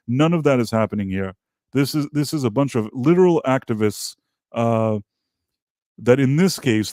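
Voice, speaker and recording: A man tears into a TV episode on his review show, scornful and exasperated. He trips over his own words and circles back, mid-pitched and dry, with no room sound around him. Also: a little mellow, clear, resonant tone, no echo. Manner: halting, repeats words and restarts. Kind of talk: ranting commentary review.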